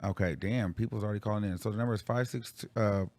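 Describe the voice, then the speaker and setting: A man's voice: on the low side, steady tone, fast talker, a little mellow, no echo. A man hosting a livestream, talking casually and bluntly to his viewers with plenty of profanity. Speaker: livestream show host.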